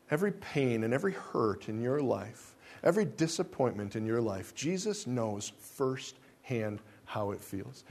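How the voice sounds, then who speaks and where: A man's voice: medium pitch, creaky. Emphatic male preacher. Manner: emphatic, rhetorical questions to the congregation; wide swings between soft and loud. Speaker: pastor. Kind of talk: sermon.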